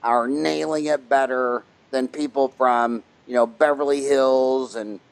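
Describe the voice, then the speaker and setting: A middle-aged man hosting a podcast interview, telling stories in a lively, casual way and acting out the dialogue he quotes. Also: medium pitch, unhurried, creaky, clean tone, low-quality recording. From Kansas, USA. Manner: animated storyteller, acts out quoted dialogue. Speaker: podcast host.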